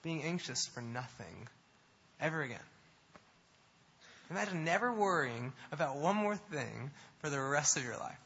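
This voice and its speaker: A male pastor preaching a sermon, emphatic, building to animated repetitions. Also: fairly high pitch, normal speed, gravelly, long pauses, slight background noise. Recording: dull sound in a long-reverb hall.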